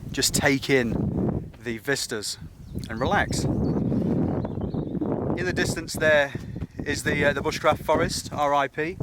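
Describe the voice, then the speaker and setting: A man chatting casually to camera on a cliff top, relaxed and enthusiastic. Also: mid-range voice. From England. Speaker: outdoor vlogger. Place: cliff top outdoors at evening. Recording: noisy outdoor camera audio.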